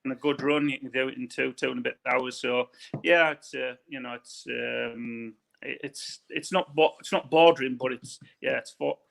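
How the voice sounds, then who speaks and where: A man with a northern English accent rambles through a casual interview, doubling back on his words. His voice has a gravelly, creaky texture at a middle pitch. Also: steady tone, moderate pace, fairly bright tone. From northern England. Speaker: guest.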